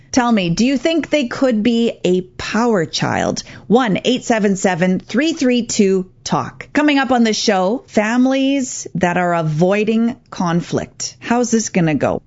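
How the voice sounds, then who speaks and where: A woman's voice: on the low side, a little mellow, dull audio. Emphatic woman hosting talk radio. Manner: earnest, emphatic advice-giving. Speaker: radio show host and parent coach.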